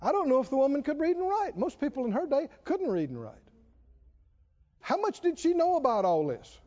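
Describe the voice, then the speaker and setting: A man preaches a sermon in a high, lively voice, acting out the story with dramatic voices and driving his points home through repetition. The sound is dull and muffled, and long reverb from a large hall trails after his words. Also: fairly quick. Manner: repetitive, emphatic preaching cadence.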